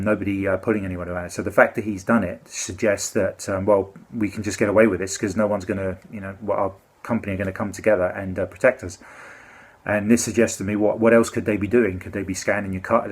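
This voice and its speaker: Man, lowish husky voice, rambling indignant complaint, self-correcting. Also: steady tone, quick pace. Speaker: complaining customer. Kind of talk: casual spoken complaint.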